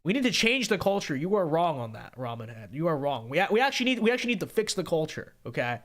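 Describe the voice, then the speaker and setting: A young man from California runs a casual livestream and reads viewer comments out loud. His voice is bright and rather high for a man, and his pitch swings a lot as he drives his points home. He talks emphatically and keeps checking in with "okay?". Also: very animated, fast talker. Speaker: livestream host reading viewer chat.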